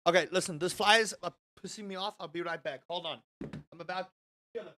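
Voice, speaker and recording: A man's voice: sits high, fairly quick, pushed and bright, faint music behind. A man hosting a livestream in casual chat, reading out and answering chat with playful jokes and mock outrage. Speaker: livestream host.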